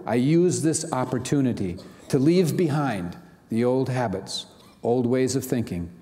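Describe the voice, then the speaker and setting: Mellow-voiced minister preaching in a hall. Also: male voice, mid-range voice. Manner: storytelling with frequent fillers and restarts. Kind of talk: sermon. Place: large church sanctuary.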